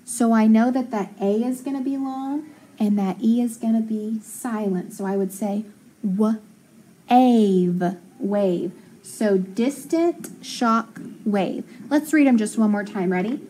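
A woman teacher breaking words into syllables for young children and sounding each part out before praising them. Her voice sits a little high. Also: normal speed, dark tone, breathy edge, rough recording. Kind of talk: phonics lesson for young children.

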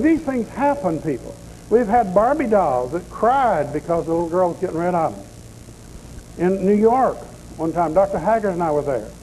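A man's voice: sits high, warm tone, poor audio. A man preaching a deliverance sermon in a folksy, blunt storytelling manner, with faint noise in the background.

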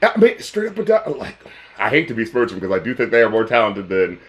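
A man co-hosting a casual music review chat, animated and incredulous, laughing often and swearing. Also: on the low side, quick pace. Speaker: co-host of a music review show.

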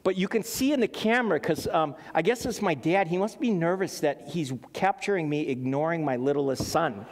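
A middle-aged man preaching a sermon in a conversational, animated way, telling stories with many ums and restarts. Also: a little high, moderate pace. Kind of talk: sermon with personal storytelling. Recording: long hall reverb.

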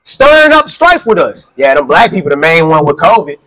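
A man's voice: on the high side, sing-song, brisk, a bit bright, low-quality recording. A man preaching in the street with call-and-response, insistently quizzing a listener and repeating his questions.

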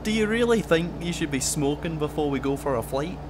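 A man's voice: on the high side, expressive, a little fast, noisy background, close to an everyday voice. A man doing a cautious, fussy Aussie pilot. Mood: worried. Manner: worried, proper-sounding.

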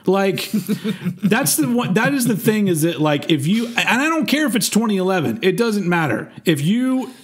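A man in casual podcast chat, ranting in an animated way with many restarts. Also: high-pitched, moderate pace, husky. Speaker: podcast co-host.

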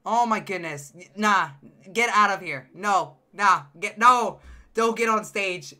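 A man streaming a game live, reacting with loud, excitable outbursts and teasing his chat. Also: sits high, a little slow. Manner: addresses chat directly, playful teasing. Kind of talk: live gameplay commentary.

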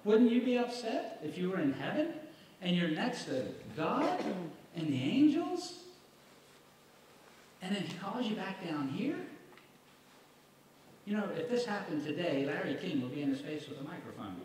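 A man's voice: high-pitched, big pitch swings, moderate pace, pauses often, a little mellow. A male evangelist preaching and reading scripture, stressing points with rhetorical questions to his listeners. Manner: emphatic, rhetorical questions to the congregation. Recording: very echoey hall, mic far off, faint noise.

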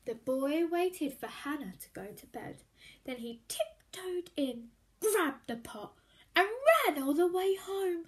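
A woman reading a children's story aloud in an expressive, animated way, sometimes dropping to a hushed whisper. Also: high-pitched, unhurried.

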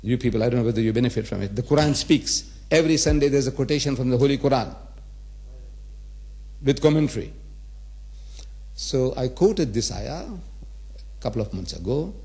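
A man in his seventies gives a public religious lecture, emphatic and repetitive, putting rhetorical questions to the audience. His mid-range voice is animated and warm, at normal speed with long pauses.

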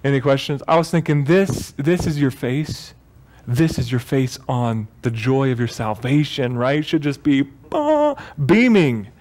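A male pastor preaches a sermon in church, his medium-pitched, slightly mellow voice keeping a moderate pace with hardly any pauses. He's loose and joking, frequently correcting himself mid-sentence.

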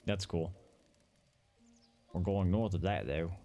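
A man's voice: low-pitched, takes it slowly, dark tone, muffled recording, faint music behind, voice pushed down. A man voicing a laid-back young male construction worker with a put-on Australian accent that drifts southern, drawling and easygoing.

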